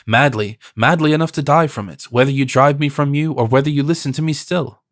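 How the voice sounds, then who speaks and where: A lovesick young nobleman pleads in an impassioned, despairing voice, as a male narrator plays him. The delivery sits at a middling pitch in a dry, close recording. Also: fairly quick, a bit bright, dry recording, natural voice. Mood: anguished. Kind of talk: audiobook character reading.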